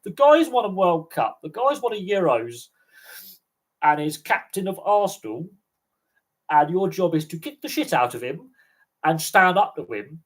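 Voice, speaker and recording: A man's voice: sits high, very animated, a little slow, poor audio. Rambling man telling stories. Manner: rambling storyteller, laughs often. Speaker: sports channel host. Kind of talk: casual livestream chat.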